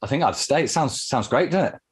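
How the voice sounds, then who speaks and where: A man's voice: mid-range voice, animated, brisk, husky. A British man in his thirties, a podcast guest chatting casually and laughing often. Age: 30s. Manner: laid-back, laughs often, says mate a lot. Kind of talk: casual chat.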